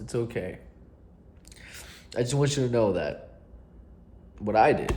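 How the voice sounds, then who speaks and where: A young adult man talks straight to camera in a casual self-help vlog. His voice sits a little low, and he speaks earnestly and bluntly, swearing freely and circling back over his points to drive them home. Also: vocal fry, dark tone, a little hiss or hum.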